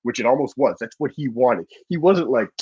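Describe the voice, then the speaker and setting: A man debating football on a panel, talking fast, cutting in and acting out what players say. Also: medium pitch, expressive, darkish tone, slightly rough. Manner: fast, interrupting, acts out quotes. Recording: dull dry remote call audio.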